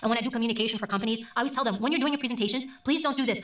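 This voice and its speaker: A middle-aged woman speaks in a quick, emphatic way, pausing on purpose between points. Her voice sits fairly high. The sound is roomy and a little distant from the mic. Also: fairly bright tone. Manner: deliberate, emphatic, with pauses. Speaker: news presenter and interview guest. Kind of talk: conversational interview.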